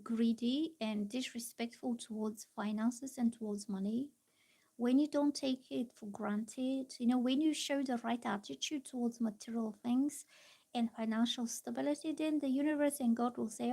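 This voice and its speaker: Woman reading tarot on a live stream; somewhat high pitch, easygoing, reassuring, lots of fillers. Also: steady tone, normal speed, warm tone. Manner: chatty, reassuring, rambling with fillers. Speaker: tarot reader.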